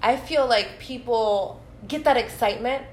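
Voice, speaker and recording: A tired woman co-hosting a casual faith podcast, playful and quick to laugh. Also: fairly high pitch, a little hiss or hum. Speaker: podcast co-host. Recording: echoey room.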